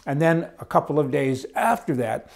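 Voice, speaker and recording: Man, gravelly voice, fairly high pitch, exasperated anecdote, incredulous. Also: animated, moderate pace. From Canada. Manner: exasperated storytelling, incredulous outbursts. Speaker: business owner. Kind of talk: ranting personal anecdote to camera.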